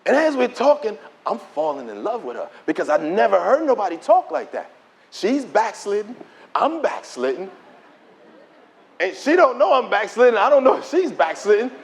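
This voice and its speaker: A middle-aged man giving his testimony as a preacher, telling the story in an animated way and acting out the dialogue. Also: sits high, moderate pace, vocal fry. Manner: animated storytelling, acts out dialogue in quoted voices. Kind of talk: preached testimony to a conference audience.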